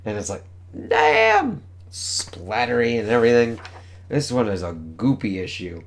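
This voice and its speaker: A man's voice: lowish voice, moderate pace. A man casually reviewing a comic book, enthusiastic and swearing often as he reads panel dialogue aloud.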